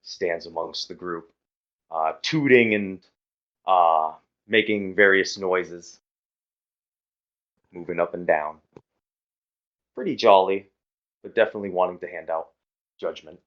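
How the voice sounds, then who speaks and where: A man with a lowish voice runs a tabletop game, describing each arrival at a very slow, easygoing pace with plenty of pauses. The recording is dull and lo-fi. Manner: relaxed, hesitant narration with fillers. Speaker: game master. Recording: muffled lo-fi audio.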